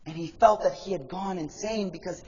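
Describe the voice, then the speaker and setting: A man's voice: sits high, moderate pace, darkish tone, slightly rough. A man giving a passionate Friday sermon in a mosque, acting out the voices of the people he quotes. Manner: passionate, acts out quoted voices, addresses brothers and sisters. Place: large mosque hall. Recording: muffled hall recording with long reverb.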